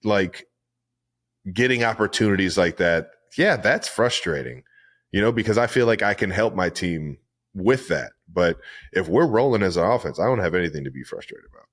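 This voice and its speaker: A man's voice: lowish voice, lively intonation, moderate pace. A man co-hosting a podcast in casual sports chat, blunt and laid-back, laughing and swearing often. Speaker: podcast co-host.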